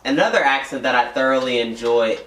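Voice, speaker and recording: A man co-hosting a casual comedy chat, easygoing and quick to poke fun at himself. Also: mid-range voice, fairly bright tone. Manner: easygoing and self-mocking, quick to joke along. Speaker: co-host. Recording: roomy echo, mic at a distance.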